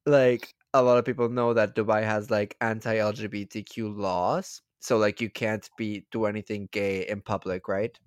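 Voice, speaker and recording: A young man co-hosting a casual gossip podcast, slangy, excitable and swearing freely. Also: fairly low pitch, moderate pace, few pauses, smooth, no echo, studio quality. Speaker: podcast co-host.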